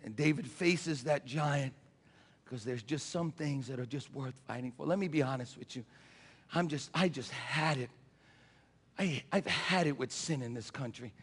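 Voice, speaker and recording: A man preaching an impassioned sermon, building to shouted peaks with a repetitive cadence. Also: a little high, long reverb tail.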